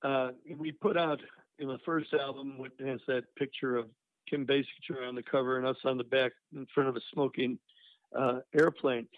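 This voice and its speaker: A man's voice: mid-range voice, steady tone, normal speed, no echo. An older man, a musician guest, telling career stories in a rambling way full of "you know" and "uh". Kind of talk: casual storytelling interview. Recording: dry, tinny phone-line sound.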